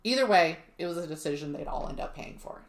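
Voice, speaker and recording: A woman's voice: deep voice, lively intonation, quick pace, gravelly, roomy sound. A woman co-hosting a podcast, telling a true mystery story in a chatty way with wry asides. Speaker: podcast co-host.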